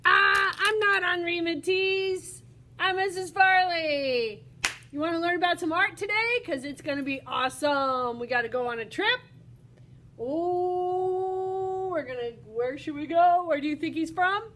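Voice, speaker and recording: High bubbly teacher woman. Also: normal speed, bright, forceful tone. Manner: bubbly and exclamatory, talks to kids. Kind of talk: children's video lesson.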